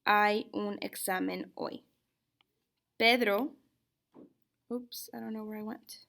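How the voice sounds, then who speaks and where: A woman teaching a recorded language lesson, speaking slowly and patiently and checking in with her students often. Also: medium pitch, fairly even intonation, vocal fry, a bit bright. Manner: slow and patient, checks in with "okay?". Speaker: Spanish teacher. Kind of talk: recorded classroom lecture.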